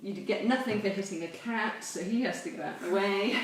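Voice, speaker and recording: This woman talks fairly quickly in a mid-range voice, leading a children's chapel assembly from home and explaining games step by step with cheer and playfulness. The lesson moves between the house and a garden course. A helper films from some distance, so the recording comes across echoey and distant, with a little noise.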